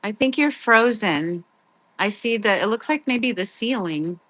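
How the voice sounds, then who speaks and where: Bright-voiced woman host, chatty and encouraging. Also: mid-range voice, animated. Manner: chatty, encouraging, quick to laugh. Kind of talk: casual chat. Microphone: video call.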